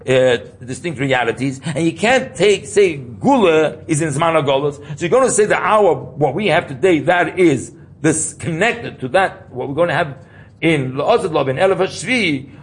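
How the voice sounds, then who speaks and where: A man's voice: fairly high pitch, husky. A man teaching an informal Torah class, explaining ideas while he thinks aloud and repeats key terms.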